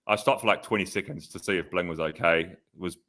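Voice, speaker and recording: A man's voice: low-pitched, fairly even intonation, fairly quick, bright, forceful tone. A man on a casual podcast, telling a rambling story, swearing freely and mimicking others. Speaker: podcast co-host, pro cyclist. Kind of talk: casual chat, anecdotes.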